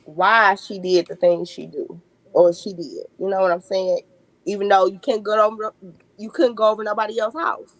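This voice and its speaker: A woman, a podcast guest telling lively family stories and laughing often. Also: medium pitch, normal speed, no echo, low-quality recording. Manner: animated storyteller, laughs often. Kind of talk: casual podcast chat.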